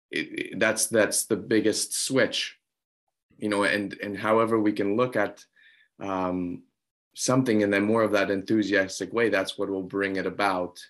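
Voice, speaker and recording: A man hosting a casual interview chat, encouraging and searching for his words as he sums up. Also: fairly low pitch.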